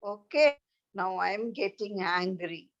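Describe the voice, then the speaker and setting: A woman's voice: mid-range voice, expressive, takes it slowly. Woman doing a grumpy, hungry king. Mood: annoyed. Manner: complaining, scolding. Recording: dull lo-fi recording.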